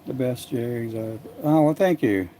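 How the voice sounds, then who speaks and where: An older man making fishing lures in his workshop, chatting casually to a livestream audience in a soft, rambling way with frequent restarts. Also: mid-range voice, unhurried, background noise. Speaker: lure maker livestreaming. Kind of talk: casual livestream chat while working.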